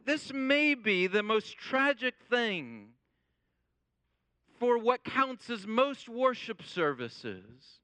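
A man preaching a sermon as pastor, in a measured way and quoting scripture. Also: very high-pitched, big pitch swings, bright, forceful tone, clear, resonant tone, no room sound.

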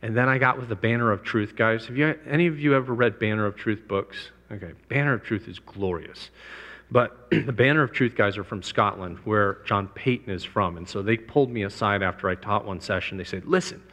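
A man's voice: lowish voice, fairly quick, a bit bright. Emphatic male preacher in a reverberant hall. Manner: emphatic, repeats key points, lifts voice to press them. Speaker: missions speaker. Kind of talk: preaching talk to a live audience.

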